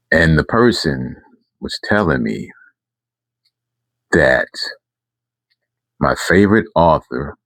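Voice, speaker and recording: A man's voice: a bass voice, lively intonation, slow, long pauses, a bit bright, no echo. A middle-aged man telling a casual story to camera, rambling and correcting himself, with emphatic asides. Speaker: channel host telling a story.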